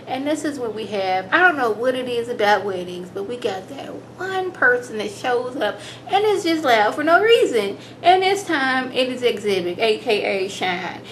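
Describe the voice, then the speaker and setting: Brief: lively higher-voiced woman vlogger, chatty recap with slang. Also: normal speed, a little hiss or hum. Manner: animated, chatty storytelling with slang. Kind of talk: casual episode review.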